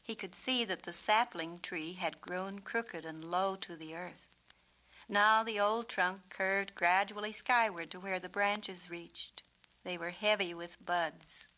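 Bright-toned woman reading a storybook. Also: on the low side, fairly even intonation, low-quality recording. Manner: clear, measured, descriptive. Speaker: author and narrator. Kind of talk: storybook narration.

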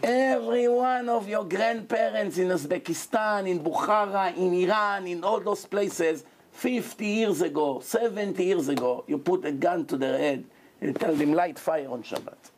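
Man, rabbi, sermon, fairly high pitched, animated delivery. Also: normal speed, crowd noise. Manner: animated preaching with acted-out quotes.

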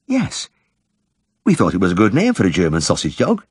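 A man voicing a shy, cheerful middle-aged village woman with a bright, chatty manner, in a dry recording. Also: sits low, wildly swooping pitch, brisk, slightly rough, no echo, voice pushed up, full character voice.

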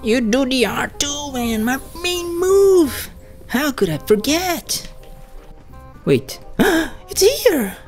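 A woman gamer giving excitable let's play commentary, swearing a lot, shrieking at surprises and talking to the enemies on screen. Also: high voice, takes it slowly, faint music behind.

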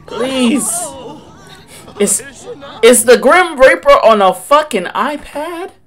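A young man reacting to a game as he plays, excitable and full of slang. His pitch swings widely, and he breaks into loud outbursts between slower stretches. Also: a faint crowd. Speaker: gaming creator. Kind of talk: live game commentary.

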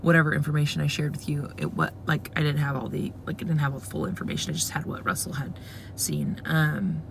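Gravelly-voiced chatty woman vlogger. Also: sits low, little pitch movement, quick pace, background noise. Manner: chatty, rambling, candid. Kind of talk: casual vlog chat. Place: parking lot, then store.

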